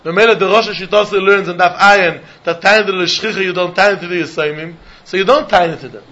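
A man's voice: high-pitched, fairly even intonation, fast, pushed and bright, lo-fi sound. A man teaching a Talmud lesson in a sing-song way, repeating key points.

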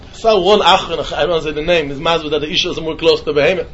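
A man teaching a Talmud lesson in a yeshiva style, with an animated singsong delivery. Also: a little high, fast, dull audio. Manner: animated singsong, mixing Yiddish and Hebrew terms.

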